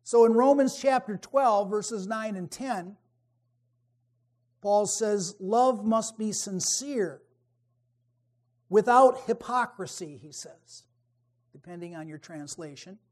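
A man preaching a sermon, emphatic, swinging between forceful peaks and quiet, wry asides. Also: high-pitched, slow, pauses often.

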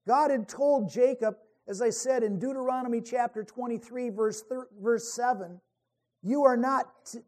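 A man's voice: very high voice, a little mellow. A male preacher teaching verse by verse from the Bible, earnest, often restarting phrases as he reads scripture aloud. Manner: earnest, with frequent restarts while reading scripture.

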